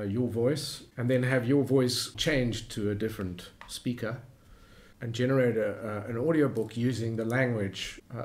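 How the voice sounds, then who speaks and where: A man hosting a screen-recorded software tutorial, explaining in a relaxed way with frequent fillers. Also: medium pitch. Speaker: YouTube tutorial host.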